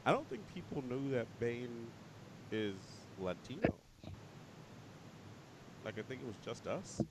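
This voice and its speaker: Guy hosting a chill podcast, easygoing, reacts a lot, faint traffic rumble behind him. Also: sing-song, measured pace. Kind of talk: casual chat.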